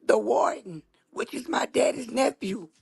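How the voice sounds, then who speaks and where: A woman's voice: a little high, unhurried, gravelly, a little mellow, husky. A woman host, telling a story in casual chat, with emphatic, dramatic repetition. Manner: emphatic, dramatic retelling with repeated phrases.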